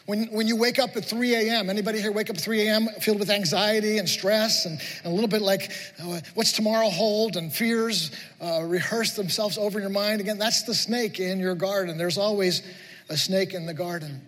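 A middle-aged man preaches in a fairly high voice, earnest and repetitive, piling up emphatic questions. His sermon rings out with long reverb through a church hall. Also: fairly even intonation, fairly quick, a bit bright. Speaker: pastor. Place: church sanctuary.

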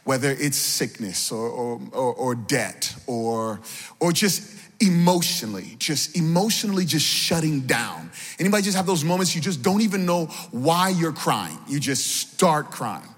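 High-voiced pastor preaching in a hall. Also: male voice, lively intonation, a little slow. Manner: call-and-response, builds in pitch and energy. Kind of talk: sermon. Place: church sanctuary.

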